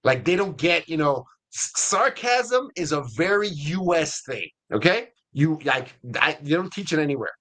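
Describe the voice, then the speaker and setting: A middle-aged man with a US Hispanic accent, hosting a webinar in a casual, energetic way with many fillers and restarts. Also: a little high, normal speed, few pauses. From Latin America. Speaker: webinar host.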